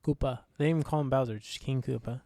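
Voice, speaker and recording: A man's voice: mid-range voice, steady tone, fast, gravelly, dark tone, no room sound. An easygoing man co-hosts a casual movie review podcast in a mid-range voice. He pokes fun at himself and chuckles often. The sound is close and dry. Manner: easygoing, self-deprecating, chuckling. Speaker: podcast co-host.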